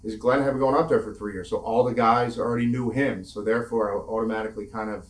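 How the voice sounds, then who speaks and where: Talking fast with fairly even intonation, this former pro wrestler has a fairly low voice. He shares candid career stories in a casual interview, laughing and occasionally swearing, recorded in an echoey room.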